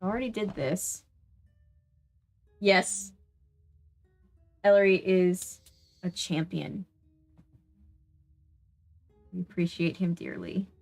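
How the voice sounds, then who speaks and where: A woman with a Southern US accent does casual let's-play commentary while streaming a video game, talking back to the game and her viewers with exasperation. Her voice is lowish and darkish with vocal fry, and she takes it slowly with long pauses. Soft music plays in the background.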